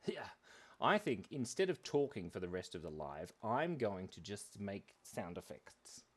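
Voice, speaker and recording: A man's voice: lowish voice, big pitch swings, measured pace. A young man hosting a kids' drawing livestream, chatting in a silly, giggly way and talking to his viewers as he draws. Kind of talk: playful live drawing chat.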